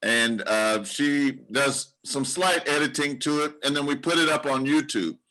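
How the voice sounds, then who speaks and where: A man's voice: fairly high pitch, measured pace, sharp tone. A man hosting a community church service, speaking affectionately to members and repeating his words. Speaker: service host.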